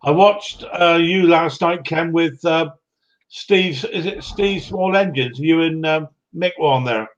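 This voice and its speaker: A man's voice: on the high side, a little slow, muffled recording. A man hosting a casual group video call, friendly and teasing, calling everyone mate. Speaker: livestream host.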